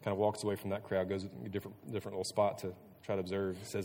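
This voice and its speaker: A man preaching a sermon in a relaxed, chatty way, full of filler words and restarts. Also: fairly low pitch, rapid-fire, hardly any pauses, slight background noise. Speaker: pastor. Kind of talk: casual conversational sermon. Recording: long hall reverb.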